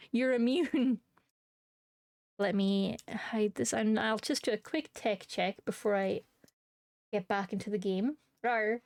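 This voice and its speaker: Playful and giggly, a woman streamer jokes and laughs often while chatting casually with her viewers. Her medium-pitched voice has a darkish tone, on a dry, clean studio recording.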